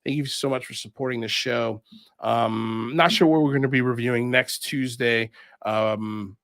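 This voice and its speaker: Chat comments get read aloud by a male livestream host who rambles in a lively, casual way with lots of fillers and laughs. His voice is mid-range and his pace moderate. The audio is clean studio sound with no echo.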